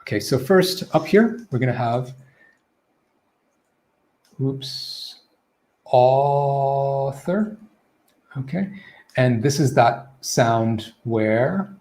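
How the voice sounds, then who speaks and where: A man's voice: medium pitch, lively intonation, slow, pauses often, darkish tone. A man teaching pronunciation in a live online Q&A lesson, modeling vowel sounds and checking in often with "okay?" and "right?".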